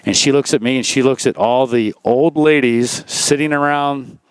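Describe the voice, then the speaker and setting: A man's voice: mid-range voice, normal speed, clean tone, no echo. A man in his sixties, a former racer telling stories in a casual interview, rambling with lots of "you know" and restarts.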